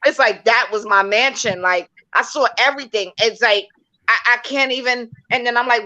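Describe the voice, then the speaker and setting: A woman with a high, bright voice tells a personal story in a casual chat and acts out her reactions as she goes. She is from New York, and the audio sounds dull and lo-fi. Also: moderate pace. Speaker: guest.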